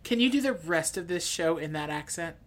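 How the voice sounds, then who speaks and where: A woman's voice: lowish voice, expressive, fairly quick. A woman co-hosting a casual podcast who works as a teacher, reacting with dry, wisecracking quips. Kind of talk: casual chat.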